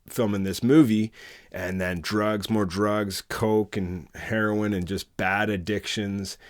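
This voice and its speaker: A man hosting a candid, unscripted podcast chat, telling frank stories about his past with laughs and swearing. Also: fairly low pitch. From Canada. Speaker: podcast host.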